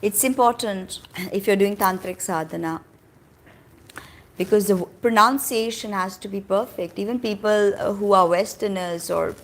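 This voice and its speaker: Woman, spiritual teacher, casual emphatic delivery with drawn-out words. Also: medium pitch, fairly bright tone. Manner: emphatic, conversational, stretches key words for stress.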